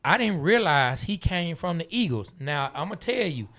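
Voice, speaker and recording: Animated, bright-voiced man. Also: fairly high pitch, moderate pace. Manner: animated, laughs often, drawling Southern slang. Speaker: podcast co-host. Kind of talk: casual sports talk.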